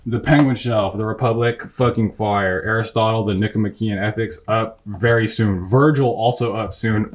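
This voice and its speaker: Slangy young man, lowish voice. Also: fairly even intonation, normal speed, hardly any pauses. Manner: slangy, profane, offhand; rambling, self-interrupting. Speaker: book reviewer host. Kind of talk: casual bookshelf tour chat.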